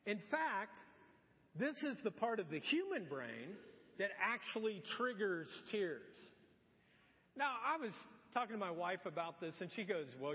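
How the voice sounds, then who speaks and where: Man, pastor, sermon, very high lively voice, dull sound, long church reverb. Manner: animated storytelling with acted-out voices.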